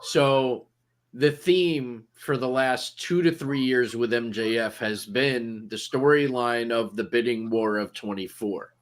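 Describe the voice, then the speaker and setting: A man's voice: medium pitch, steady tone, slow. A man co-hosting a podcast in casual chat, setting up questions and giving his own take. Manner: conversational, poses questions. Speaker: podcast co-host.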